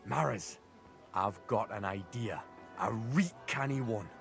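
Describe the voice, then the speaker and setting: An actor voicing a cheeky young village prankster with a Northern English accent, talking in brash, animated dialect. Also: male voice, fairly low pitch, slow, gravelly, music in the background. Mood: mischievous.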